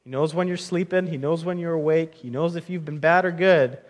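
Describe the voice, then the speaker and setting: A young pastor preaches in a slightly high voice at a fairly quick pace. He's earnest and conversational, often restarting phrases and addressing his listeners directly as friends.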